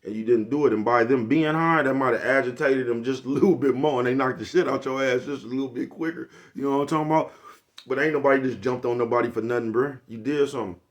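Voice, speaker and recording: A man's voice: mid-range voice, fast talker. An older man, giving a blunt, preachy, profane motivational monologue to his viewers. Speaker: vlogger.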